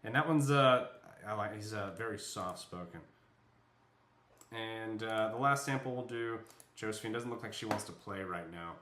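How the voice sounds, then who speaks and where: A man giving a casual screen-share walkthrough of software, talking loosely with lots of fillers as he thinks aloud. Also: lowish voice, moderate pace, slight background noise. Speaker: software demo presenter. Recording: echoey room.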